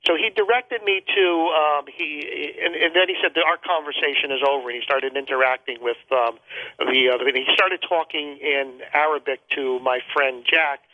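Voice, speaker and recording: As an interview guest on a phone call, a man recounts a lengthy travel story from his own life, his voice steady in tone and a little high for a man. The line sounds tinny and thin, and his telling wanders, with frequent stops, restarts, repeated words, and ums.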